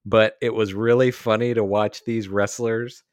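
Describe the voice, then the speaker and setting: Male podcast co-host, forties, low and dry, loose rambling talk. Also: level tone, measured pace, no echo. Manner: rambling, many fillers and restarts. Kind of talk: casual movie discussion.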